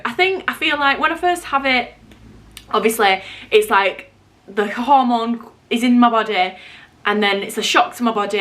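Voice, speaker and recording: A young woman from England talks to camera in a casual home vlog, her voice sitting a little high for a woman. She chats in a confiding, rambling way, full of fillers and quick self-corrections. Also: a bit bright. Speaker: vlogger. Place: home, in the middle of moving house.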